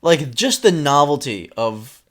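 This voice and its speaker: A man's voice: a little high, sing-song, measured pace, a bit bright. Rambling, teasing male podcast host. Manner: teasing, rambling, swears freely. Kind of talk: casual chat.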